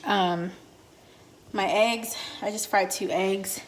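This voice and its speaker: A woman's voice: mid-range voice, fairly even intonation, slow, noisy background. Chatty young woman cooking and vlogging. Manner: chatty, rambling, lots of fillers. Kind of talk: casual vlog chat. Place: home kitchen.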